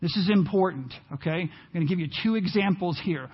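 A man preaching a sermon in church, animated and at times rising almost to a shout. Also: sits high, normal speed, slightly rough, highs cut off. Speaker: pastor.

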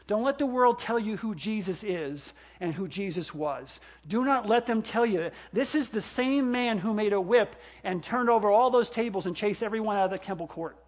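An older male pastor delivers a sermon in a notably high voice. He is animated, acting out exclamations and quoted voices as he preaches. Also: moderate pace.

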